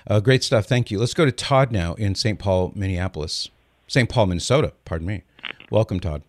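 Older male radio host, animated storyteller, lowish voice, dry close mic. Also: fairly quick, no room sound. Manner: lively storyteller, explains step by step. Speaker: radio host answering callers. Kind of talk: call-in radio talk.

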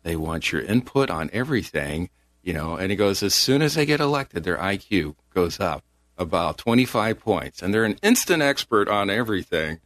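Low-voiced plain-spoken man being interviewed. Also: moderate pace, no echo. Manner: plain-spoken, animated when riled. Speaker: guest, county comptroller. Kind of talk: casual interview.

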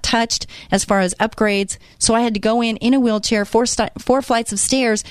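This talk-show host, a woman in her late fifties, speaks at medium pitch with a darkish tone, recorded at studio quality with no room sound. On her faith-based show she's earnest and encouraging, and she imitates the voices of doubters.

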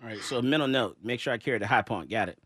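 A man's voice: medium pitch, racing, breathy edge, dry recording, clean studio sound. A man hosting a casual talk show, telling stories with acted-out quotes and frequent laughs. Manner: animated storyteller, acts out quotes, laughs often. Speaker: host and handgun license instructor. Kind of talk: casual talk radio chat.

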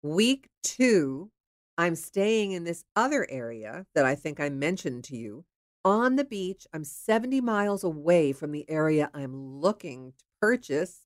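A woman's voice: low voice, very animated, a little slow, no echo, studio quality. A woman from the Pittsburgh area candidly telling a personal dating story in a frank, chatty way, with the odd swear. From Pittsburgh area, USA. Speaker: storyteller sharing her dating life.

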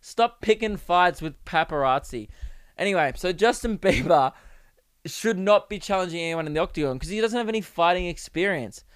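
A young man hosting a comedy podcast, riffing in a profane, laughing, animated way. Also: high voice, moderate pace, clean tone, no echo, studio quality. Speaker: podcast host. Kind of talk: solo comedy podcast rant.

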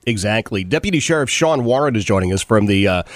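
A man's voice: lowish voice, expressive, quick pace, no echo. Earnest talk radio host man. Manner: earnest, repeats words, many fillers. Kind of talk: radio interview. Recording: dry studio sound.

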